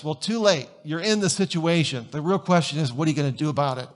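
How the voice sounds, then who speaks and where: A man's voice: on the high side, fast talker. A man pastor giving a conversational sermon in a church sanctuary, telling stories and firing off rhetorical questions.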